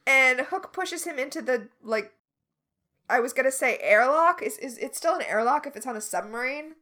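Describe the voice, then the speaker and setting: A woman co-hosting a casual recap chat, animated and sarcastic with quick asides. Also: sits high. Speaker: podcast co-host.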